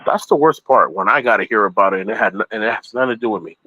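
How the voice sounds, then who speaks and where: A man's voice: on the low side, very fast, slightly rough, dry recording, highs cut off. Rambling man in casual podcast chat. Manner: rambling, repeats himself, laughs easily.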